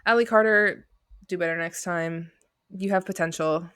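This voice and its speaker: A young woman co-hosting a podcast, telling stories in a dramatic, animated casual chat. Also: on the low side, normal speed, clear, resonant tone, no room sound, clean studio sound. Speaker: podcast co-host.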